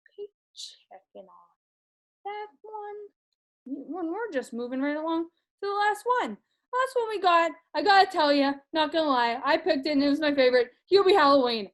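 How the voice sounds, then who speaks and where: A woman playing a nervous, rambling middle-aged dad who reviews movies in a comedy sketch, stammering through constant fillers. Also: sits high. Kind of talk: comic sketch monologue.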